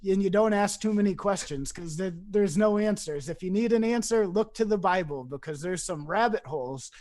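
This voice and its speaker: Higher-voiced rambling storyteller man. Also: normal speed, darkish tone. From East Saint Louis. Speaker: podcast guest. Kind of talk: casual chat.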